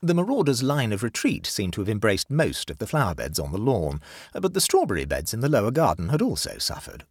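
A man narrating a classic short story aloud in an expressive, measured way. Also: on the low side, husky, no echo, studio quality.

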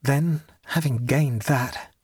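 A man's voice: mid-range voice, slow pace, darkish tone, husky, no echo, studio quality, voice pushed up. A man reading the part of a serene, rapturous young man who talks with ecstatic, preaching fervor. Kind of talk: audiobook character reading.

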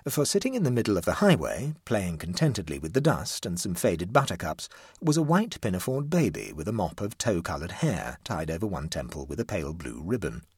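Male audiobook narrator: husky, lower-pitched voice, very lively melodic reading. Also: fairly quick, no room sound, clean studio sound.

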